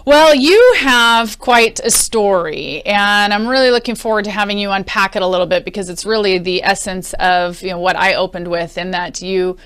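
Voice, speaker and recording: Chatty woman podcast host, smooth voice. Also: medium pitch, normal speed, hardly any pauses, a bit bright. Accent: American. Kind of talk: podcast interview.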